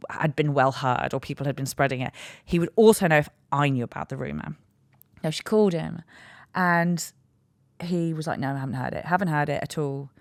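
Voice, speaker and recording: A British woman in her thirties talks through a personal story on her solo podcast. Her voice sits on the low side. The sound is dry, with no room around it. She swears freely and acts out what people said to her. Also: no echo. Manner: swearing freely, animated storytelling with acted-out quotes. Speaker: podcast host. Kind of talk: candid solo podcast monologue.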